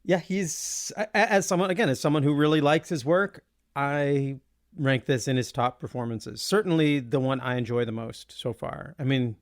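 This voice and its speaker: A man's voice: mid-range voice, normal speed, no room sound, clean studio sound. A man co-hosting a podcast, rambling enthusiastically with many restarts. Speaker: podcast co-host. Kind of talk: casual chat.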